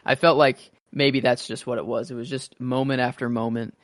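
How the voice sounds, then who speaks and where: A man's voice: medium pitch, level tone, a little fast, no echo, studio quality. Rambling casual male podcaster. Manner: rambling, many restarts and fillers. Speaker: podcast co-host. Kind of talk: casual chat.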